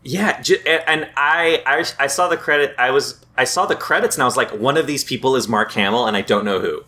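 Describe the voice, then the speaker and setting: A man co-hosting a casual podcast, joking wryly about a movie and tripping over words when excited. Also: medium pitch, a little fast. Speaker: podcast co-host. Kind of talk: casual movie recap chat.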